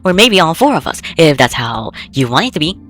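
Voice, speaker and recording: A woman's voice: sits low, sing-song, brisk, a bit bright, soft background music. A woman voicing an upbeat teenage girl in a visual novel, eager and pleading as she asks a friend for help. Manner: bubbly, pleading.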